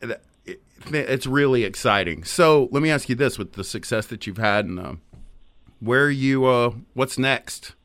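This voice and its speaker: A man's voice: medium pitch, animated, measured pace, fairly bright tone, no echo. Loose, chatty man hosting an interview. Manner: loose, swears, trails off and restarts. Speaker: host. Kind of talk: casual interview chat.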